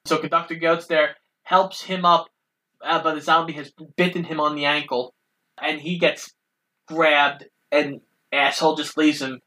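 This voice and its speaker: A podcast co-host narrating a film's plot in a steady, matter-of-fact way. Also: medium pitch, unhurried, rough recording.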